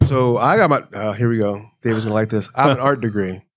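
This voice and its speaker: Animated storytelling man, dry close mic. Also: on the low side, fast talker, dry recording. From Virginia. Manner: animated, acts out quotes, laughs often. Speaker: guest, trade magazine editor. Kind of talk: casual storytelling in an interview.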